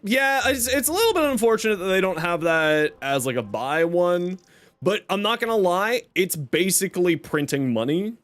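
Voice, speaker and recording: A man's voice: high-pitched, expressive, moderate pace, a bit bright. A young man chatting casually on a live game stream, upbeat and talkative as he announces giveaways and thanks viewers. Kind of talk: casual live-stream chat while gaming.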